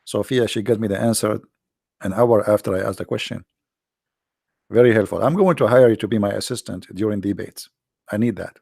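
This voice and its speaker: A man's voice: lowish voice, brisk, creaky, darkish tone, breathy edge, no room sound, clean studio sound. A man with an Arabic-accented English hosting a livestream, talking in a sarcastic, mocking casual commentary. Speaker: livestream host.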